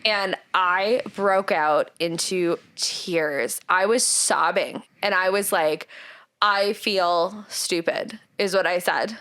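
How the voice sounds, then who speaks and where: A woman's voice: on the low side, slow pace. A woman talking casually as a podcast guest, rambling through personal stories with lots of fillers. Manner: rambling, animated storytelling with many fillers.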